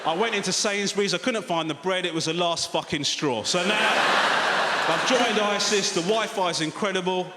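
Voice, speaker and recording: A man with an English accent doing a stand-up comedy set on a large theatre stage, animated and swearing, with mocking asides to the crowd. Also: high voice, moderate pace. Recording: roomy live theatre recording with loud crowd noise.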